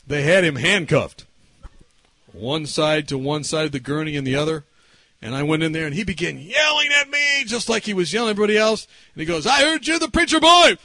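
A man preaching a sermon, telling a story and swinging between shouting and whispering as he acts it out. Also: sits high, no room sound.

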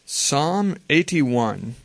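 A man teaching a group how to read the Bible, talking in a relaxed, conversational way and slowly repeating verses. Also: on the high side, vocal fry, no room sound. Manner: relaxed, conversational, slow careful repetition.

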